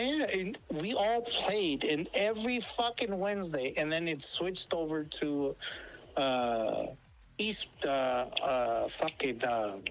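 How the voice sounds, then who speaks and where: A man's voice: fairly high pitch, a bit bright, poor audio. A man telling rambling stories as a co-host, with heavy swearing and many fillers and restarts. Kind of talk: casual storytelling chat.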